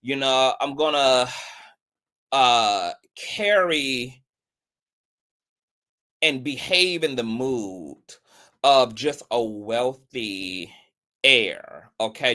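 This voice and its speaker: A man hosting a casual livestream chat, sassy and flamboyant, greeting viewers by name in long drawn-out calls and calling everyone "girl" and "child". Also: medium pitch, lively intonation, pushed and bright. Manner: peppers talk with "girl" and "child". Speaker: livestream host.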